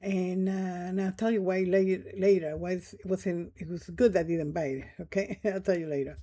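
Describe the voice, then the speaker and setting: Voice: medium pitch, fairly even intonation, normal speed, mellow. A middle-aged vlogger telling a personal story in a loose, rambling way, often checking in with the listener and using loose, nonstandard grammar. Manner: rambling, checks in with "right?" and "okay?". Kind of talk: casual spoken storytelling to camera.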